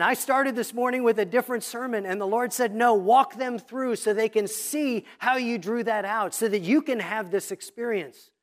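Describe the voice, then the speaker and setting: Pastor, expository sermon, reads scripture with slow weight, teacherly asides on repetition. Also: mid-range voice. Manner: reads scripture slowly and deliberately, then explains; teacherly, points out repeated themes.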